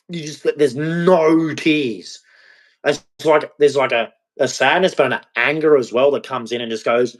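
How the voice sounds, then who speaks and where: A man in a confessional vlog monologue, speaking in a halting, repetitive way and swearing freely. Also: on the high side. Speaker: vlogger.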